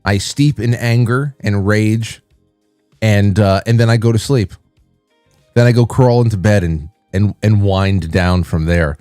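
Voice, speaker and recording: Low-voiced guy hosting his show, rambling and wry, dry close sound. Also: unhurried, darkish tone, smooth, dry recording, soft background music. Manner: rambling, wry, restarts mid-sentence. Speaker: podcast host. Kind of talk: casual solo commentary.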